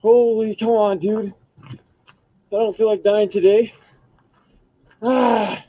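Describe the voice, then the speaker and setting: A frightened man outdoors, frantically yelling and cursing at a wild animal to go away, recorded on a handheld camera. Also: sits high, steady tone, takes it slowly. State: frightened, heart racing. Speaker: hiker filming a wild animal. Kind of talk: panicked shouting at an animal. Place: outdoors on a trail. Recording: dull lo-fi clip.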